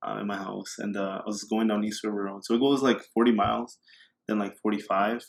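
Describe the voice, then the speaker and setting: A man's voice: fairly low pitch, level tone, a little fast, vocal fry. A man telling a personal story in casual podcast chat, rambling with many fillers.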